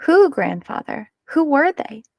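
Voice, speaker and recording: A woman voicing a determined young girl in a storybook, speaking in a raised, insistent way with a gravelly edge. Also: high voice, big pitch swings, measured pace, a little mellow, no echo, studio quality, voice pushed up, exaggerated voice. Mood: curious.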